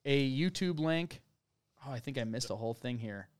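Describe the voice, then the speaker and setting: A man's voice: medium pitch, lively intonation, moderate pace, dry recording, clean studio sound. A man co-hosting a true-crime podcast, talking casually and reading from case reports as he thinks aloud. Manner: conversational, reads from case documents, thinks aloud. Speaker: podcast co-host.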